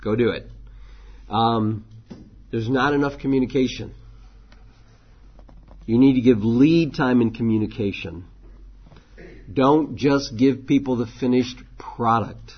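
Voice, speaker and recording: Husky guy teaching a church class, chatty with lots of ums, dull lo-fi sound. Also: medium pitch, slow pace, pauses often. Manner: conversational, frequent ums and restarts.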